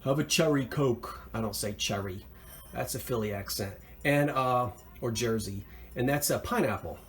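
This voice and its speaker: A thrift reseller hosts a haul video, chatting casually and enthusiastically about his finds, rambling with lots of fillers and self-corrections. His voice is on the low side and fairly bright, moderately paced, with a little hiss or hum.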